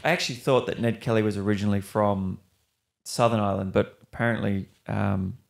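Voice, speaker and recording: A man's voice: fairly low pitch, steady tone, a little fast, vocal fry. A young man, an actor, talking casually and rambling as a podcast guest. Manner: rambling, with many restarts and mild swearing. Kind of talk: casual interview chat.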